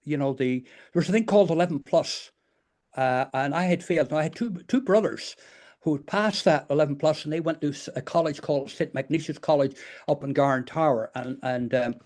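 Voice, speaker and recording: A man's voice: fairly high pitch, brisk, a little mellow. An older man from Northern Ireland with a Northern Irish accent, telling stories as an interview guest in a rambling way, with many restarts and "you know"s. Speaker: guest, retired teacher and memoir author. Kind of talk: casual storytelling interview.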